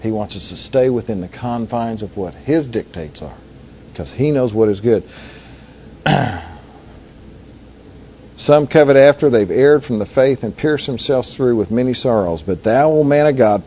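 A man's voice: medium pitch, lively intonation, a little slow. Folksy male preacher, lo-fi recording. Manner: folksy, conversational, asks the audience rhetorical questions. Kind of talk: sermon. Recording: dull lo-fi recording with faint hiss.

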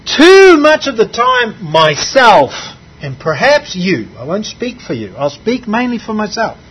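A male preacher with a husky, slightly breathy voice, pitched fairly high for a man. He works slowly through scripture, leaning on key phrases and repeating them to drive them home. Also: very animated, a bit bright, low-quality recording. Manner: deliberate, emphatic repetition of key phrases. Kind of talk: sermon teaching from scripture.

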